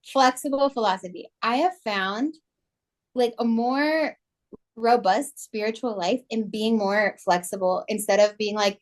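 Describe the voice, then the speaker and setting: Woman co-host, relaxed talker who leans on "like" and "you know". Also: mid-range voice, unhurried. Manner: chatty, many "like" and "you know" fillers. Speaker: podcast co-host. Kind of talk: casual podcast conversation.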